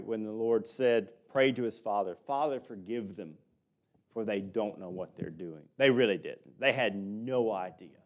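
A middle-aged man preaching a sermon in a conversational way, acting out quoted lines. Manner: conversational preaching, animated pitch, acts out quotes. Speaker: pastor.

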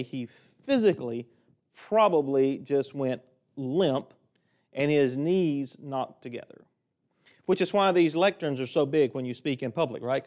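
A man preaching a sermon from a lectern in a church, folksy and joking, swinging between loud stretches and quiet ones. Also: mid-range voice. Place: church sanctuary, speaking at a lectern.

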